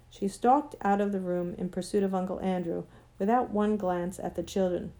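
A woman reads a children's storybook aloud as narrator, steady and gentle in her storytelling. Her voice is warm and mellow, never sharp or bright. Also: mid-range voice, normal speed. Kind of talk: audiobook narration.

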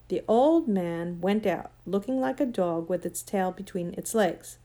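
A woman narrating a children's storybook aloud in a measured, gentle way. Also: medium pitch, expressive. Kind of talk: audiobook narration.

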